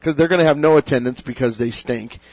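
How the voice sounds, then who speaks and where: A man's voice: medium pitch, fast talker, no echo. A man hosting a radio talk show, casual and joking, chatting and reading sponsor mentions. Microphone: studio microphone. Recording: dull lo-fi radio audio.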